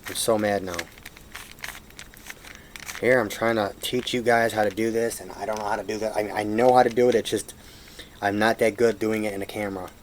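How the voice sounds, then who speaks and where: A man's voice: on the low side, steady tone, brisk, pauses often, a little hiss or hum. A man casually walking through a puzzle tutorial at home, self-deprecating and apologetic as he fumbles, recorded on a camera mic. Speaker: hobbyist showing a puzzle solve.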